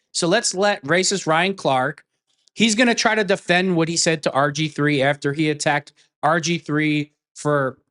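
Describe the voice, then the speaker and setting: A man's voice: on the high side, a bit bright. A man giving a heated opinion rant as an online commentator, blunt and profane, repeating phrases for emphasis.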